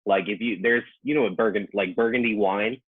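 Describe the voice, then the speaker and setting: A man's voice: on the low side, fairly even intonation, brisk, slightly rough, phone-quality sound. A man who works as a professional cook, a podcast guest chatting casually and hesitantly, often restarting his sentences. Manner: hesitant, full of restarts, laughs easily. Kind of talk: casual chat.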